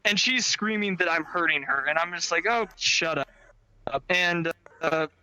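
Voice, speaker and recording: A man telling a casual story about his bail bond work in an animated way, swearing freely. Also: fairly high pitch, moderate pace, clean tone, low-quality recording. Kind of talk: casual anecdote.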